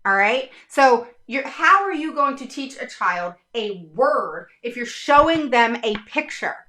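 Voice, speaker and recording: A middle-aged woman explaining reading instruction to parents in a casual, animated talk, often checking in with "all right?". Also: on the high side, unhurried. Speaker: special education advocate.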